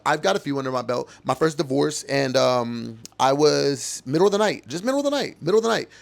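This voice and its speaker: A man's voice: a little high, expressive, brisk, gravelly. A man, ranting heatedly and emotionally about his own experiences, cursing and repeating himself. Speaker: podcast host. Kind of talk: heated personal monologue.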